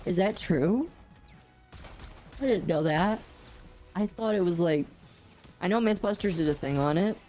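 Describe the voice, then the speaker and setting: A woman's voice: lowish voice, animated, unhurried, pauses often, mellow, soft background music. A young adult woman chatting casually on a game stream, sleepy and yawning often, self-deprecating as she reads chat aloud. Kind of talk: casual live-stream chat while gaming.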